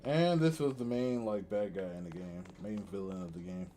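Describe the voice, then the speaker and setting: A man's voice: fairly low pitch, moderate pace, mellow, soft background music. Tired rambling male game streamer. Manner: rambling, self-correcting. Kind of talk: casual let's-play commentary.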